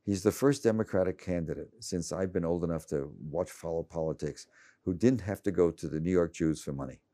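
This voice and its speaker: Cranky seventy-something male journalist, deep and mellow, stammering and rambling as he talks. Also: brisk. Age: 70s. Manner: rambling, many restarts and stammers. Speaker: journalist guest. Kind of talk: conversational interview.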